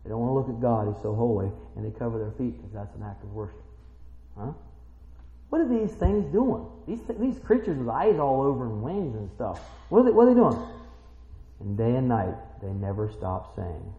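A man preaching a sermon, shifting from quiet scripture reading to shouted, excited praise. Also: mid-range voice, brisk. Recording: echoey hall, dull lo-fi sound.

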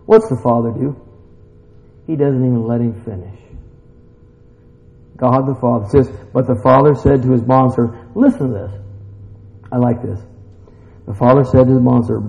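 A man preaching a sermon in a church, animated and swinging from hushed asides to loud exclamations. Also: medium pitch, gravelly. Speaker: pastor. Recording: dull lo-fi recording.

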